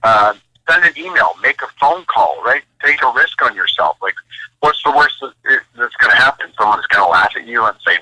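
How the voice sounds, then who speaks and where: A man's voice: medium pitch, animated, normal speed, pushed and bright, no room sound, low-quality recording. A man, a military veteran guest on a podcast, giving blunt, punchy motivational talk. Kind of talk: motivational conversation.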